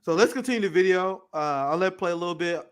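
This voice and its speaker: A man hosting a political commentary show, heated and profane, reacting with outrage and bursts of shouting. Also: high-pitched, fast talker, clear, resonant tone. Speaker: show host.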